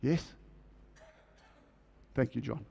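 Male preacher, sermon delivery, warm dark timbre, rhetorical questions to the room. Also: very slow.

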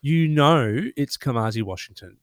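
A man's voice: mid-range voice, lively intonation, normal speed, no echo, studio quality. A man with an Australian accent hosting a casual panel discussion, rambling with many fillers as he works toward his point. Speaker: panel host.

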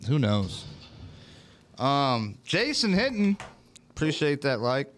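A man's voice: medium pitch, very animated, slow pace, a little hiss or hum. A man co-hosting a casual chat show, joking and swearing a lot. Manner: profane, joking, slips into put-on Southern voices. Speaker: podcast co-host.

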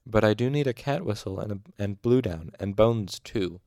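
A man's voice: lowish voice, slow pace, creaky, no echo, studio quality. A man voicing a frail, reedy, frightened man. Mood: urgent. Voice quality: thin, reedy. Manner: soft, urgent and shaky. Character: frail, frightened thin man of about thirty.

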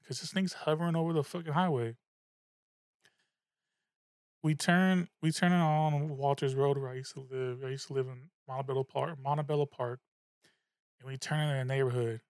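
A young man from telling a story in a casual, profane, animated way, often repeating himself. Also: mid-range voice, normal speed, no echo, clean studio sound. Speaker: podcast host.

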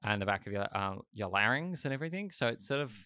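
An Australian man talks in a relaxed, rambling way, full of fillers and restarts. His voice sits a little low but sounds bright and forward. The sound is dry and close. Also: fast talker, smooth, dry recording. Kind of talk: casual chat.

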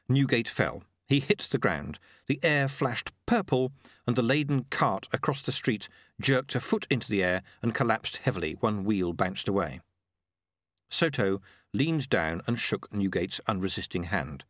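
Expressive male audiobook narrator. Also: fairly low pitch, unhurried, no room sound, clean studio sound. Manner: expressive storytelling. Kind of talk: scripted narration.

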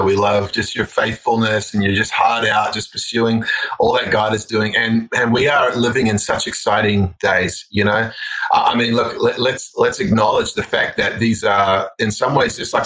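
A man's voice: on the low side, a bit bright, poor audio. A middle-aged Australian man, a guest minister, talking eagerly in a casual podcast interview and often restarting his sentences. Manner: enthusiastic, rambling with restarts.

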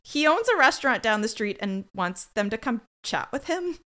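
A woman's voice: fairly high pitch, expressive, moderate pace, fairly bright tone. A woman co-hosting a casual podcast, recapping a TV episode with incredulous exclamations and frequent laughter. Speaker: podcast co-host.

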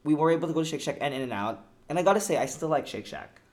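Relaxed young man chatting on a podcast. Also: on the high side, fast. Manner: relaxed, rambling chat with fillers, often laughing. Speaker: podcast co-host. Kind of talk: casual podcast chat.

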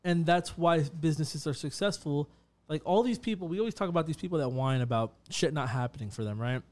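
A man's voice: on the high side, a little fast, darkish tone. Emphatic, swearing podcast co-host man. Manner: emphatic, profane, keeps saying "bro". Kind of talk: casual podcast chat.

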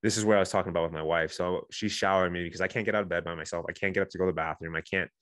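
A man's voice: deep voice, fairly even intonation, very fast, fairly bright tone, no echo, studio quality. A man in his thirties, a guest on a talk show, telling his own story candidly and earnestly, with many restarts and "you know"s.

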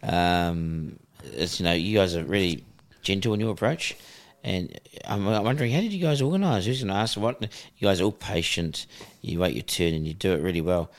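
A middle-aged man with a New Zealand accent telling stories on a casual podcast, animated, laughing often and acting out what people said. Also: low-pitched, moderate pace, hardly any pauses. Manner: animated, laughing, acts out quotes. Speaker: guest broadcaster.

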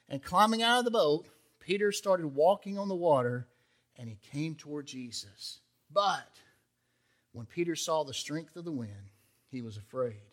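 A man's voice: high-pitched, animated, normal speed, a bit bright. A male pastor preaching a sermon in a conversational way, acting out the quotes in character voices.

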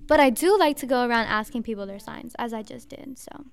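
Young woman, late teens, high pitch, smooth clear tone, chatty, rambling, casual talk. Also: a little fast. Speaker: host. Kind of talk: casual chat.

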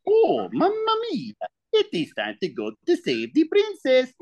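A man's voice: very high-pitched, huge pitch swings, a little slow, gravelly, a little mellow, voice pushed up, full character voice. A man voicing a cartoonish Italian plumber with exaggerated Italian-style exclamations. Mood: exuberant.

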